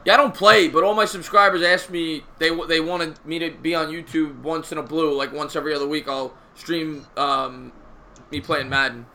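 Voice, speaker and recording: Male stream host, bright and raised in pitch, rambling casual talker. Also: fairly even intonation, moderate pace, slight background noise. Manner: rambling, laughs often. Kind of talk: casual chat.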